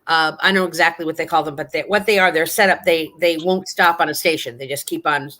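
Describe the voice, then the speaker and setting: Bright-voiced woman telling ghost stories. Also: low-pitched, fairly even intonation, quick pace. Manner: rambling, filler-heavy, earnest. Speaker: guest storyteller. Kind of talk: casual ghost-story telling.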